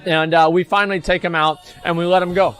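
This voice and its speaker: A man with a fairly high voice tells a meandering story to his viewers, packed with swearing and casual filler. Faint music plays quietly behind his voice. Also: little pitch movement, quick pace, smooth. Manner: rambling, profane, restarts and fillers. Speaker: streamer. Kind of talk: casual storytelling to stream chat.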